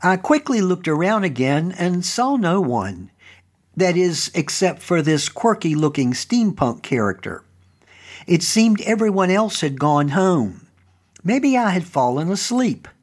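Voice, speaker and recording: This fairly high-voiced man is a storytelling host and historical reenactor, narrating a first-person story on his own show. He sounds earnest and conversational, very animated yet unhurried.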